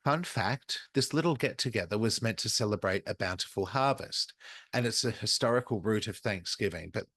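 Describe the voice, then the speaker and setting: An Australian man with a slightly low voice chats playfully as a podcast co-host, dropping casual swear words. The sound is dry and close, with no room around it. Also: lively intonation, normal speed, a bit bright, slightly rough, no room sound. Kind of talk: casual chat.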